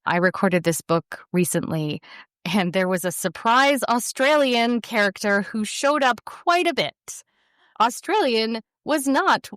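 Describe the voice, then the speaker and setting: Woman, young adult, audiobook narrator, casual interview, rambling with fillers, smooth resonant voice, dry sound. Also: a little high, lively intonation, measured pace, a bit bright, no echo. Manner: rambling, lots of fillers, self-deprecating laughs.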